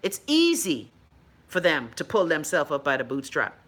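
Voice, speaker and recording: Blunt, profane Bahamian woman host. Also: moderate pace. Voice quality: animated, swings between loud outbursts and low mutters. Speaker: call-in show host. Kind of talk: blunt profane live-stream rant.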